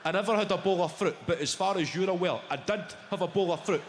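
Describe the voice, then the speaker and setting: A high-voiced Scottish man tells animated stand-up stories, swearing freely. His voice rings around a big echoey hall, with loud audience laughter behind him. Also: fast, few pauses, background noise. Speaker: stand-up comedian. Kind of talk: stand-up comedy routine. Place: large comedy venue on stage.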